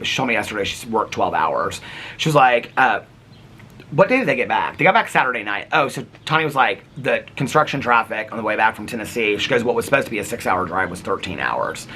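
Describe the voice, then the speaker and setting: Male vlogger, chatty and meandering, bright lively delivery, slight background hiss. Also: fairly low pitch. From United States. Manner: rambling, animated, lots of "like". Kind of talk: casual daily vlog chat.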